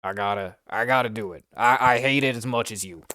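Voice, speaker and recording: A man's voice: mid-range voice, brisk, bright, forceful tone. A man playing a character in a tabletop game, casual and swearing freely. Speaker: player.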